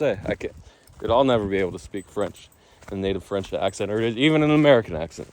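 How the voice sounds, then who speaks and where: Man, mid pitch, chatty rambling vlogger, outdoors, faint noise behind. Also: expressive, quick pace. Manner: chatty, rambling with restarts and fillers. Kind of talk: rambling casual vlog.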